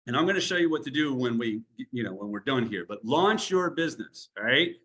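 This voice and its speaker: Bright-voiced, talkative man coaching online. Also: mid-range voice, expressive, brisk, husky. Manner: blunt, talkative, tough-love coaching. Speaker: online business trainer. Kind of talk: motivational training talk on a video call. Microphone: video call.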